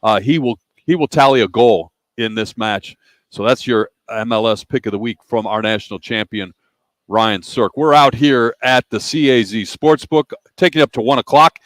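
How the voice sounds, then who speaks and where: A male sports radio host talks in a relaxed, upbeat way, reading picks and sponsor plugs without a hitch. His voice sits at an ordinary middle pitch. The sound is dry and close to the mic. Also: moderate pace, no room sound. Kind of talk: casual sports talk. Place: broadcasting live from a sportsbook bar.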